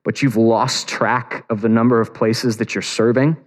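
A man preaching a sermon in a relaxed, conversational tone, often restarting phrases as he retells the story with animated flair. His voice sits at an ordinary middle pitch. It rings out with a long reverb, as in a large church hall. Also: moderate pace.

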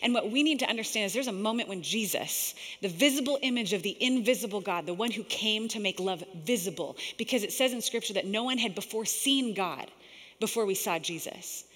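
A woman preaching a sermon in a lively, conversational way, often laughing and dropping to a whisper for quoted lines. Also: mid-range voice, brisk. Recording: long hall reverb.

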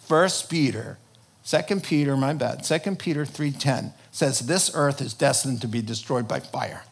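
A pastor giving an impassioned sermon, jumping between loud bursts and hushed lines and acting out quotes. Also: male voice, mid-range voice, moderate pace, vocal fry, slightly rough.

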